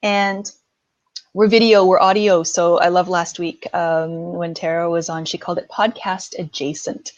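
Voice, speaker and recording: A woman's voice: fairly low pitch, level tone, a little slow, muffled recording. A woman hosting a casual interview show over a video call, friendly and loose, laughing easily. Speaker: podcast host.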